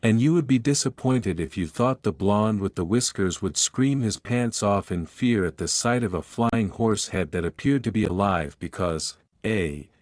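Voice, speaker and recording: A man reading a fan-fiction story aloud as narrator, in a flat, even storytelling manner. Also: fairly low pitch, dry recording, studio quality.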